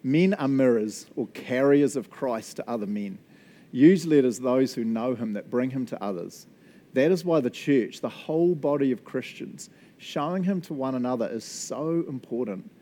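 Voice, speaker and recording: Kiwi guy preaching, mellow warm voice, laid back, keeps going "eh?" and "right?". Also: medium pitch, lively intonation, normal speed. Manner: enthusiastic, chatty, laughs often, tags lines with "eh?" and "right?". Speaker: pastor. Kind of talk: casual sermon.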